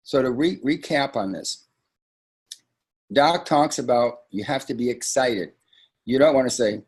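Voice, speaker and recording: A man with a husky, slightly breathy voice leads a sales training webinar. His delivery is conversational and emphatic, and he drifts into frequent asides as he coaches his team. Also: medium pitch, measured pace, long pauses, darkish tone.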